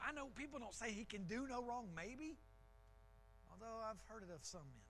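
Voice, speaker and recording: A man's voice: high voice, lively intonation, moderate pace, pauses often, bright, forceful tone, slight background noise, rough recording. A man preaching a sermon in a church, talking in a conversational, emphatic way with frequent restarts. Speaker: pastor.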